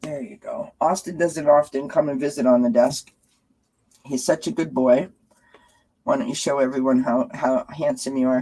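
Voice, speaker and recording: A woman in her forties hosting a live stream from home, chatting warmly with viewers and cooing at her cats, with lots of fillers. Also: rumbling low, fairly even intonation, normal speed, slightly rough, poor audio. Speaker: tarot channel host.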